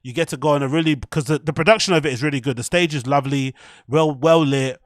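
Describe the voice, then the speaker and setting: A man's voice: fairly high pitch, fairly even intonation, fast talker, no echo, studio quality. A young man talking loosely to his live stream chat, laughing often and swearing casually.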